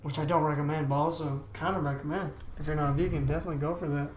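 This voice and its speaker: A man's voice: fairly high pitch, fairly even intonation, rapid-fire, a little hiss or hum. A young man hosting a casual solo podcast, rambling along in slangy talk full of "man" and "dude". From United States. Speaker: podcast host. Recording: echoey room.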